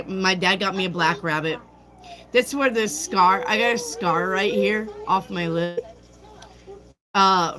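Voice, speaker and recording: Woman on a tarot stream just chatting away, slow and kinda low voice, reads out the comments. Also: fairly bright tone, rough recording. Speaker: tarot livestream host. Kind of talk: casual chat with live chat.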